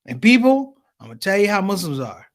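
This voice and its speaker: Animated stand-up comic, high and lively. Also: male voice, a little fast. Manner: animated storytelling, addresses audience as brothers and sisters. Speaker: comedian. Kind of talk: stand-up comedy.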